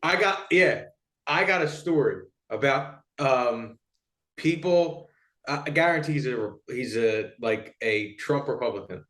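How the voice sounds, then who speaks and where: A man's voice: medium pitch, lively intonation, unhurried, fairly bright tone, reverberant. A man co-hosting a podcast who tells stories in a rambling way, with lots of fillers and swearing. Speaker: podcast co-host. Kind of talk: casual chat, storytelling.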